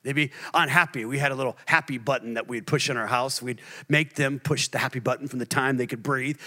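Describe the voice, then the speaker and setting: A male pastor preaching a sermon, moving between hushed near-whispers and loud, shouted passages. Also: mid-range voice, animated, fast talker, few pauses.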